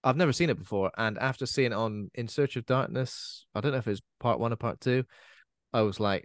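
A man's voice: mid-range voice, a little fast, no room sound, clean studio sound. A man with a British accent, co-hosting a horror film podcast in casual, jokey chat. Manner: chatty, playful, jokey voices. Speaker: podcast co-host.

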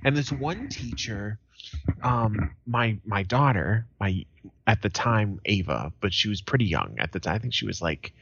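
A man's voice: lowish voice, unhurried, gravelly, slightly rough, no room sound, dull audio. A man, co-hosting a podcast and telling profane stories in a casual chat. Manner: profane storytelling, animated quoted voices. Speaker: podcast co-host.

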